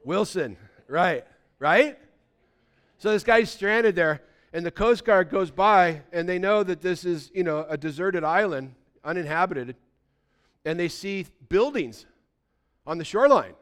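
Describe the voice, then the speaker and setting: Smooth-voiced pastor in his sixties. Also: high-pitched, expressive, measured pace, a bit bright. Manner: conversational storytelling, checks in with the audience. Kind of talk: sermon.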